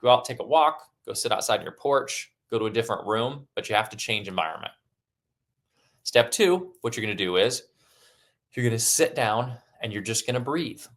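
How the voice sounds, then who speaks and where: A man's voice: medium pitch, expressive, moderate pace, a bit bright. A man presenting a motivational webinar as a coach, talking conversationally and acting out his own thoughts as examples. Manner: conversational, acts out his own inner dialogue.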